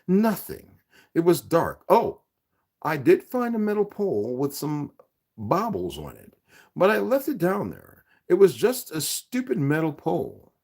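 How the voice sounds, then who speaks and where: A man's voice: a little high, huge pitch swings, measured pace, a little mellow, husky, voice pushed up, heavily acted. Man putting on a sarcastic young woman. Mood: anxious. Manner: sarcastic, defiant. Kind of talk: audiobook reading.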